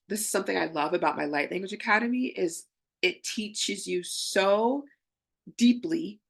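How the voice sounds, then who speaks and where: A woman's voice: mid-range voice, gravelly, a bit bright. A young adult woman, a spiritual coach, chatting casually and acting out inner voices with frequent laughs. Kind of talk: casual spiritual teaching talk.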